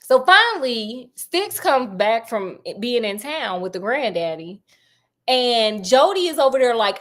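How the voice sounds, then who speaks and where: Woman storyteller, casual and animated book retelling, slightly high voice. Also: unhurried. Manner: animated, joking asides.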